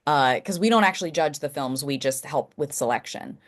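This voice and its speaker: A woman guest on a podcast, chatting casually in an effusive, animated way and laughing often. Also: low-pitched, a little fast. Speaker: guest, film company marketing executive.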